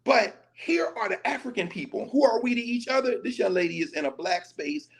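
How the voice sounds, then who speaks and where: A man from Nashville, a professor talking in lively conversational commentary, telling stories with quoted dialogue and casual vernacular. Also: high voice, brisk, vocal fry. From Nashville, Tennessee. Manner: animated storytelling, slipping into quoted dialogue and casual Black vernacular.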